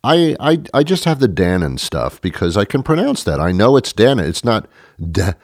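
A man's voice: on the low side, big pitch swings, moderate pace, no room sound, studio quality. A man giving a rambling, sarcastic comedic rant to the camera, stammering through restarts.

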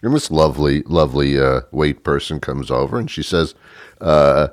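This comedic monologue comes from a middle-aged man with an extremely low voice, speaking at normal speed. He rambles through a story about himself with lively sarcasm and plenty of self-mockery. The studio-quality recording is dry.

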